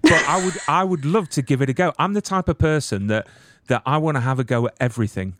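A man's voice: a little high, fast talker, noisy background. A man hosting an interview, asking long, eager questions and often repeating words as he starts. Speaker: podcast host. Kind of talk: casual interview chat.

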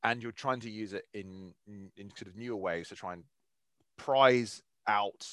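A man's voice: lowish voice, a little slow, fairly bright tone, no echo. A man hosting a podcast, speaking in a thoughtful, articulate way with fairly abstract wording. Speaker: podcast host. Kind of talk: casual podcast interview.

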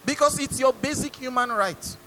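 Male pastor, nigerian english accent, sermon, high voice, bright tone. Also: moderate pace, a little hiss or hum, low-quality recording. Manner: animated, mimicking, rhetorical questions to the congregation.

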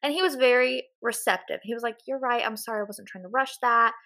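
Southern girl cohosting a chatty podcast, bright kinda high voice, animated storyteller. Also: fast talker. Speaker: podcast co-host. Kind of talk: casual chat.

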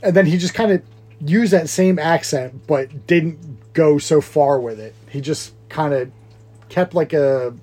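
A man's voice: a little high, a little slow, dark tone. A man co-hosting a podcast, recapping a movie in a rambling, laughing way and acting out its lines. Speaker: podcast co-host. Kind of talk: casual movie recap chat.

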